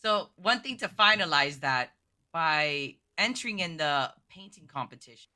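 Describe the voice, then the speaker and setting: With a deep voice at a moderate pace, a miniature painter appearing as a podcast guest talks casually and emotionally. She is excitable and leans heavily on "like" as a filler.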